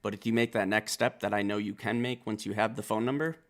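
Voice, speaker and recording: A man from Wisconsin hosting a music reaction video, talking in blunt, profane, excitable bursts. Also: lowish voice, fast. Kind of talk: casual reaction commentary.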